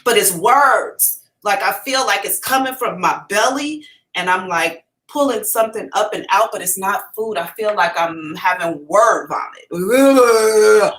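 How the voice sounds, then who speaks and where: Bright-voiced blunt woman psychic. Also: mid-range voice, normal speed, hardly any pauses. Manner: blunt and profane, animated storytelling. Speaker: psychic reader hosting a live stream. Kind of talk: casual live reading.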